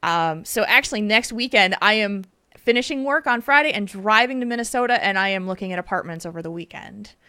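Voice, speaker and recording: A woman hosting a podcast in casual, chatty talk, animated and rambling with fillers. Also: mid-range voice, a little fast, no echo, clean studio sound. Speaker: podcast host.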